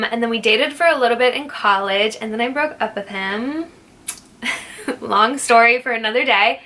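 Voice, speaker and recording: A young woman, a fitness instructor, chatting playfully through a casual Q&A vlog, jokey and quick to laugh. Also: a little high, bright, forceful tone. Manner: jokey, playful, not serious.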